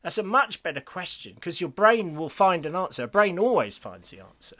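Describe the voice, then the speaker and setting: A man co-hosting a faith podcast, chatty and quick to laugh, slowing down to stress a point. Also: high voice, big pitch swings, sharp tone. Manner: chatty, laughs easily, slows down for emphasis. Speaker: podcast co-host reading listener emails. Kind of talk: casual faith discussion.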